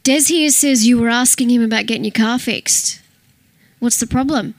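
A woman's voice: a little high, moderate pace, no echo, close to an everyday voice. A woman voicing a menacing small-town male police officer who mocks and threatens in an audiobook. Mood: mocking. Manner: mocking, taunting.

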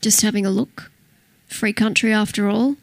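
A woman's voice: medium pitch, fairly even intonation, normal speed, vocal fry, dry recording, natural voice. A woman voicing a tense, worn-out man trying to get a young woman to flee with him. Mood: urgent. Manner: urgent, strained. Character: tense weary man on the run.

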